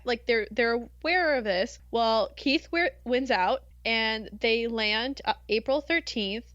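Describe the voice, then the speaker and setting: An American woman hosting a podcast, telling history in a casual, giggly, animated way with playful asides. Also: on the high side, measured pace, few pauses, dry recording, muffled recording. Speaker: podcast host.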